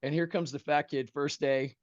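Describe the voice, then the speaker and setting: A man telling a humorous story as a podcast guest, animated and self-mocking, with lots of casual dude and bro. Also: fairly high pitch, normal speed, dry recording, muffled recording.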